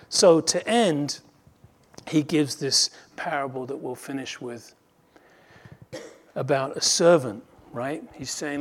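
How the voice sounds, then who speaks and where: A man preaching an earnest sermon, acting out little dialogues and restarting words now and then. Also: on the high side. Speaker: pastor.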